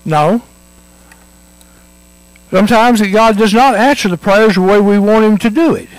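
A man's voice: high-pitched, moderate pace, dry recording, low-quality recording. A man preaching a sermon in a church, earnest and emphatic, repeating his points and telling stories.

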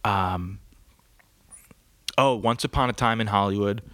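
A man's voice: on the low side, unhurried, pushed and bright, no echo. A man hosting a casual solo podcast from home, rambling crudely and laughing at his own jokes. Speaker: podcast host. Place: home, on a couch.

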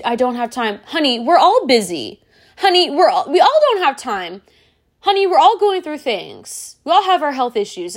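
A woman in her thirties hosting a solo podcast, talking bluntly and candidly straight to the listener. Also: on the high side. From United States. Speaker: podcast host.

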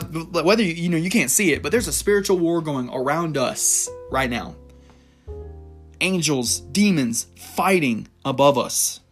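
A man giving an informal devotional talk, reading Bible verses and rambling a little as he laughs at himself. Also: on the high side. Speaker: Christian encouragement speaker.

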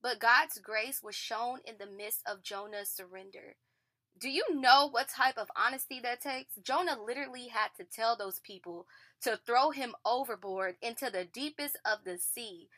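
A woman hosting a devotional podcast, reading scripture and reflecting on it in an expressive, conversational way that keeps calling listeners "y'all.". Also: a little high, moderate pace, no room sound.

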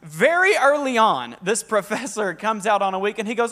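High-voiced talkative Southern preacher. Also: male voice, moderate pace. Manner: talkative, energetic, joking. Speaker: pastor. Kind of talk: lively sermon with call-and-response. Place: church hall with a live congregation.

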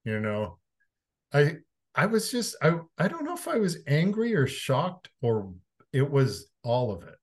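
A man from Canada, an interview guest, telling a personal story in a frank, conversational way, swearing casually and moving between calm and emphatic. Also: fairly high pitch, a little slow, breathy edge.

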